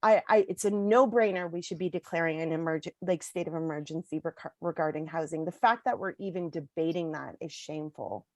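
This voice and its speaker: A woman's voice: low voice, a little fast, few pauses, a little mellow, dry recording. A Canadian woman who works on the front lines of social services, speaking bluntly and angrily at a townhall, with lots of "like" and "you know". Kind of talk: impassioned townhall speech.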